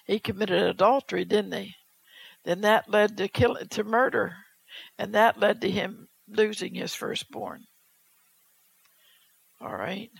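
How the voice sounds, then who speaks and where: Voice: medium pitch, expressive, slow pace, vocal fry, long pauses, slightly rough, dry recording, low-quality recording. A preacher delivering a fervent sermon, exhorting the church with rhetorical questions and reading scripture aloud.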